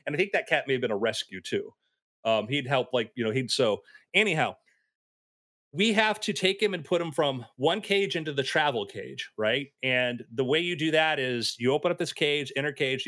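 Animated man telling stories. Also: fairly high pitch. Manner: animated, acts out voices in his stories. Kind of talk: casual storytelling chat.

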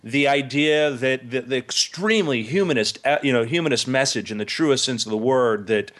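A man's voice: medium pitch, normal speed, fairly bright tone. A man in a casual podcast discussion, talking enthusiastically and rambling with asides.

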